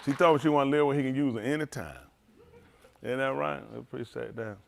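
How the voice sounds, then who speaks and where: A man's voice: medium pitch, fast, gravelly, crowd noise, noisy background. A man preaching, joking loosely and teasing his congregation, laughing often. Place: synagogue hall, livestream.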